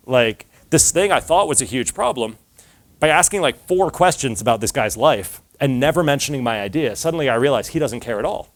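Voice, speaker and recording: A man's voice: mid-range voice, expressive, a little fast. A man giving a casual talk to an audience, telling stories with lots of filler words and acted-out dialogue.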